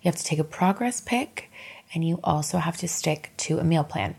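A woman's voice: deep voice, animated, normal speed, vocal fry, darkish tone, slightly rough. A woman in her thirties hosting a casual solo podcast from her bed at home, candid and emotional, encouraging her listeners and swearing casually. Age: 30s. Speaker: podcast host.

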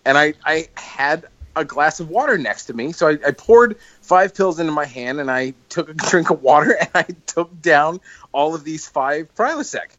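A man's voice: fairly high pitch, lively intonation, moderate pace, fairly bright tone, no echo, muffled recording. A man co-hosting a podcast, chatting casually and telling stories while laughing often. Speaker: podcast co-host. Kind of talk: casual chat.

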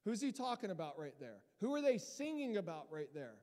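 A man with a fairly high voice preaches a sermon in a church hall, his words trailing off into a long reverb. He talks in a lively, emphatic way and builds to loud peaks. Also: a little fast. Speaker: pastor.

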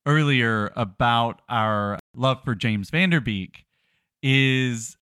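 A man's voice: mid-range voice, slow, sharp tone, smooth, dry recording, studio quality. A man co-hosting a podcast in casual chat, rambling and self-deprecating with frequent restarts. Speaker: podcast co-host. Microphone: podcast microphone.

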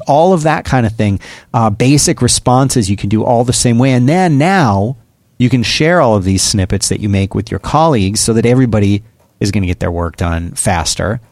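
A man's voice: on the low side, a little mellow, no room sound. A man hosting a podcast, reading a sponsor spot in a chatty way, explaining step by step with a few jokes. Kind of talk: casual ad read on a podcast.

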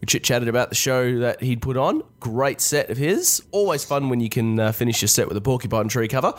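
A man's voice: mid-range voice, a little fast. Congested man hosting a podcast. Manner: relaxed, rambling with restarts. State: congested, nasal from a cold. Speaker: podcast host. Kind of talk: casual podcast chat.

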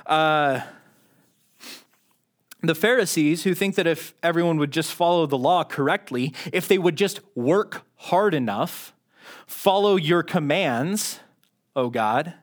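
Guy giving a sermon, kinda high voice, chatty and joking at himself. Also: measured pace. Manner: conversational and self-deprecating, with frequent restarts. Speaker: pastor.

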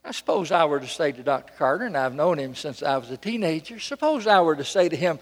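A man preaching a sermon from a church pulpit, dramatic and emphatic, repeating phrases and swinging between loud and soft. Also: a little high, expressive, fast talker, few pauses, in a large hall.

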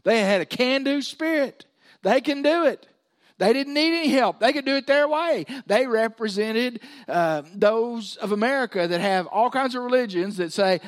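A man's voice: extremely high pitch, normal speed. A man preaching a sermon, telling stories and acting out the voices of people in them. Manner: animated storytelling, acting out voices.

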